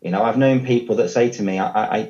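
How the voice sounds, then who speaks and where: A man's voice: on the low side, quick pace, a little mellow, dull audio. A man, a fitness trainer guest on a podcast, explaining things patiently with everyday comparisons. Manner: explanatory, uses analogies. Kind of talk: podcast interview.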